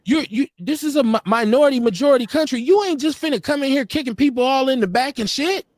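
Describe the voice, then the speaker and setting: A man's voice: very high-pitched, fast talker, a little mellow, no room sound. A man co-hosting a live-stream talk show, talking casually with a blunt, profane, laughing manner. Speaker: podcast co-host. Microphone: streaming call.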